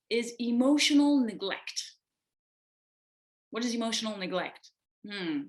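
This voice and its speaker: A woman teaching a reflective self-development lesson, speaking slowly and emphatically, with pauses and repeated phrases. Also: a little high. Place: room with an open window.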